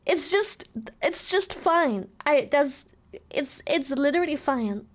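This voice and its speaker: A woman's voice: high-pitched, expressive, slow pace. A woman from Germany, a native German speaker, chatting casually on stream, ranting animatedly with lots of laughter and swearing.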